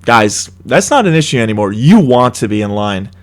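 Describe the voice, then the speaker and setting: A young man co-hosting a casual chat, excitedly retelling a scary trip with lots of swearing. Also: medium pitch, moderate pace. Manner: excited, swears a lot, animated storytelling. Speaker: co-host.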